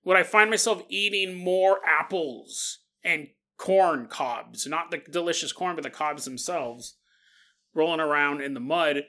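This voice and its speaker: A man's voice: a little high, measured pace, bright, forceful tone. A man hosting a podcast, rambling through a comedic monologue and slipping into silly voices. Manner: rambling, jokey, slips into silly put-on voices. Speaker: podcast host.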